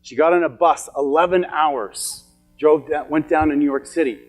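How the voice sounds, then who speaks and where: A man's voice: a little high, fairly even intonation, normal speed, faint music behind. Emphatic middle-aged motivational speaker man. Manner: storytelling, emphatic, repetitive. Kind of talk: motivational seminar talk. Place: event hall with an audience.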